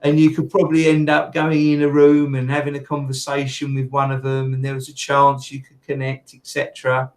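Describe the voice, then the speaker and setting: A man's voice: mid-range voice, completely flat delivery, fairly quick, hardly any pauses, low-quality recording. A man talking as a podcast guest in casual conversation, rambling with fillers and restarts.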